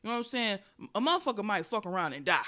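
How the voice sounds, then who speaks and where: A woman in her twenties hosting a podcast, telling a story in a casual comedic way with profanity and loud animated bursts. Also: mid-range voice, very fast. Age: 20s. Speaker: podcast host.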